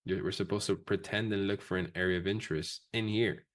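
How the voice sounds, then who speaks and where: Fast-talking, deep-voiced man teaching trading. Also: steady tone. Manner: fast, profane, casual coaching talk. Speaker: trading instructor. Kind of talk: live-streamed trading lesson.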